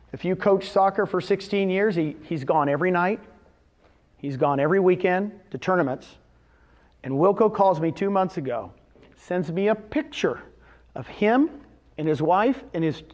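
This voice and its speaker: A man presenting at a seminar in front of a live audience, his voice sitting a little high for a man. He talks in an animated way, firing questions at the audience and answering them himself. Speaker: presenter at a real estate seminar. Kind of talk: motivational seminar talk.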